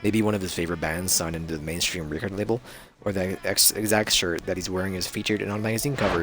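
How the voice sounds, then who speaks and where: A man's voice: deep voice, steady tone, quick pace, a bit bright, soft background music. A man reading game text aloud on a live stream, casual and joking. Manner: casual, joking, playful narration. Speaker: streamer playing a dating game.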